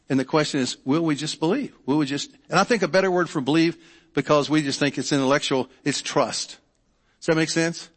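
Brief: middle-aged male pastor, fairly high voice, casual stop-start delivery, church hall reverb. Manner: conversational, repeats words, checks in with the congregation. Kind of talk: sermon. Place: church sanctuary.

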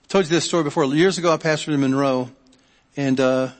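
A man's voice: fairly high pitch, fairly even intonation, fast talker. A middle-aged male pastor preaching a sermon in a conversational way, often repeating words and checking in with the congregation. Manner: conversational, repeats words and restarts, asks the audience. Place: church sanctuary. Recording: long hall reverb.

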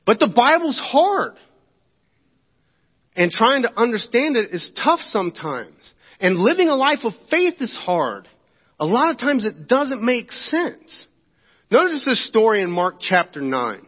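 A man's voice: very high voice, wildly swooping pitch, a little slow, long pauses, slightly rough. A man preaching a sermon as pastor, talking in a conversational way and often checking in with the congregation. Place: church sanctuary. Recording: echoey church hall, dull lo-fi sound.

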